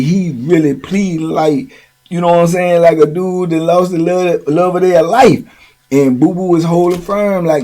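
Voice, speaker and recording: A man hosts and tells prison stories in a casual storytelling monologue, using streetwise slang and often checking in with "you know what I'm saying." His voice is a little high and warm, at normal speed.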